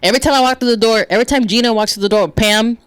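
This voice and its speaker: A young woman co-hosting a casual podcast, telling stories in an animated, laughing way. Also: fairly high pitch, rapid-fire, smooth, no room sound. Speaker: podcast co-host, host's fiancée. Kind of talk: casual chat.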